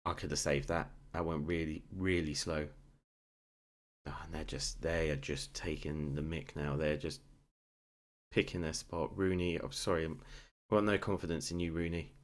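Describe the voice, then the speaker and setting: A man commentating on his own football management game, swinging between quiet muttering and excited shouting. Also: very deep voice, moderate pace. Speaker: gaming YouTuber.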